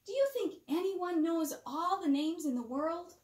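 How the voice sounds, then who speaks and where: A woman's voice: very high-pitched, a little mellow, far from the mic, voice pushed up. A woman voicing a wistful young girl who sighs, in a storybook reading, recorded with a roomy echo. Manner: sighing, slow storybook reading.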